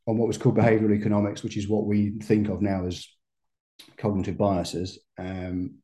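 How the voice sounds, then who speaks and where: Man, podcast guest, massage educator, mellow warm tone, reflective, restarts phrases, light laughs. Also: lowish voice, little pitch movement, moderate pace. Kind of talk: conversational podcast interview.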